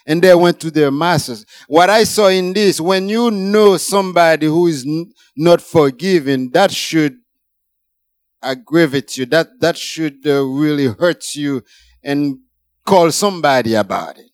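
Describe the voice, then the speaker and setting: A man preaching a sermon, emphatic, rising high for emphasis and then dropping low. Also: unhurried, clean tone, no echo.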